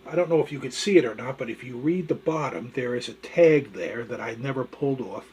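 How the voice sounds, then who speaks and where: A man's voice: mid-range voice, fairly quick, a little mellow. A male show host telling corny jokes and showing collectibles in a folksy, chatty way. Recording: distant from the mic.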